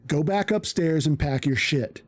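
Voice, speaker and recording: A man casually telling a profane story on a live stream, animated and acting out the voices of people he quotes. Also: fairly high pitch, a little slow.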